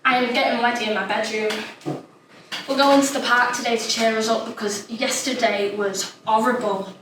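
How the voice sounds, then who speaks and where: A woman's voice: a little high, steady tone, moderate pace, background noise, close to an everyday voice. A woman playing an imaginative, chatty young child, delivering a dramatic monologue, childlike and plain-spoken. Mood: puzzled. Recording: roomy echo, distant mic, faint ambience.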